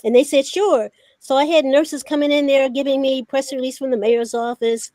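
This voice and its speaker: An older woman with a high, light voice tells stories in an animated way, slipping into the voices of the people she quotes. The sound is dry and close, with almost no room around it. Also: normal speed, dry recording. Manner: animated storyteller who acts out quoted dialogue. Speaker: veteran journalist, talk show guest. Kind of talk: casual storytelling.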